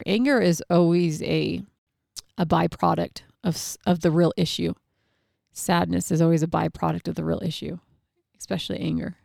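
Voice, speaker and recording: Mom talking straight to camera about her kid, kinda gravelly lowish voice, dry close sound, lots of "like" and "um". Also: fairly even intonation, moderate pace, darkish tone, dry recording. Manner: candid, emotional, fillers like "like" and "um". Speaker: mother sharing a parenting story. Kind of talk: casual personal storytelling.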